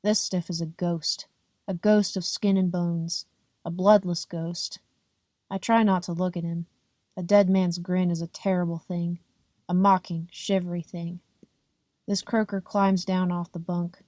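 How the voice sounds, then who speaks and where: A woman narrating a first-person audiobook in a plain, measured, unhurried reading. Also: fairly low pitch, little pitch movement, darkish tone, no echo, studio quality. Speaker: audiobook reader.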